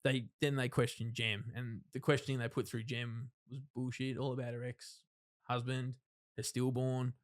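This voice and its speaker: A man's voice: mid-range voice, little pitch movement, moderate pace. A man, a podcast guest telling his story in a casual, rambling way with frequent restarts and frank swearing. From Australia. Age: 30s. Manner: rambling, self-interrupting retelling with frank swearing and acted-out quotes. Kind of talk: casual interview, personal storytelling.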